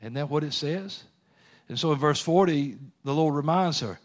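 A man's voice: on the high side, animated, moderate pace. A male preacher delivering a sermon in casual, emphatic speech, driving points home with repeated rhetorical questions.

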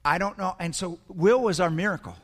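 A man's voice: high voice, brisk. An older man preaching a sermon, telling a personal story in an earnest, emotional way with frequent repetitions. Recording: echoey hall.

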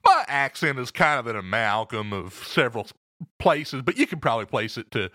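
A man's voice: medium pitch, very animated, fairly quick, bright, forceful tone, no room sound, studio quality. A man from Beaumont, Texas with an East Texas accent, chatting casually and joking over a remote call. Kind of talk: casual podcast chat. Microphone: headphones on a remote call.

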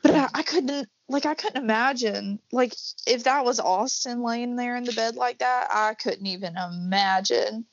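A woman co-hosts a casual podcast in a gravelly voice. She gushes and is quick to agree with her co-host. The mic sounds dry and slightly muffled. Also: fairly high pitch, no room sound. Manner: gushing and emotional, quick to agree. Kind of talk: casual chat recapping a TV show.

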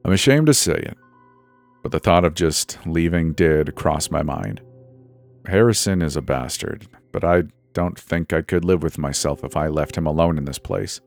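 A man narrating a scripted first-person horror story in a tense, steady way. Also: extremely low pitch, moderate pace, vocal fry, soft background music.

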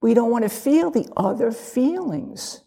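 A woman's voice: on the high side, lively intonation, a little slow, vocal fry, mellow, slightly rough. An older woman giving a candid, humorous dharma talk as a lay Zen teacher, acting out little dialogues. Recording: long reverb of a large hall.

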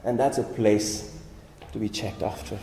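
A man preaching a sermon as pastor, animated, often voicing imagined speakers in his asides. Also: on the low side, unhurried, roomy sound, in a large hall.

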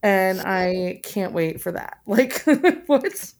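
A woman's voice: medium pitch, takes it slowly. Woman cohost on a podcast, gets worked up n swears a lot, casual chat. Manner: animated and exasperated, swears freely. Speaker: podcast co-host.

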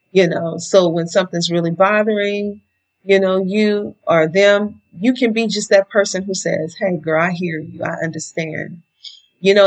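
Woman chatting about friendship, lowish voice. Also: rough recording. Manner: conversational, many filler "you know"s. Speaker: speaker giving friendship advice. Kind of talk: casual advice talk.

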